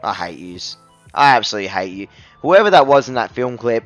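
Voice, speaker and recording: A man's voice: mid-range voice, very animated, brisk, no echo, faint music behind. Angry man ranting over an app review. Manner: angry, exasperated, scornful ranting.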